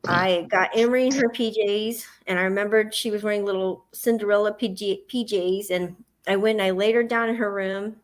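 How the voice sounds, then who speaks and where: A woman's voice: mid-range voice, fairly even intonation, fairly quick, hardly any pauses. A woman with a Southern US accent, hosting a livestream and telling a long personal story, acting out her own panic in the quoted parts. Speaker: host.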